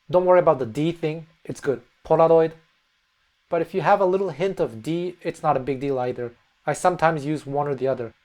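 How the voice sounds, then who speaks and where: A man whose first language is English, teaching pronunciation in a casual spoken lesson, relaxed and repeating words slowly to demonstrate. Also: fairly high pitch. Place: Fukuoka, Japan.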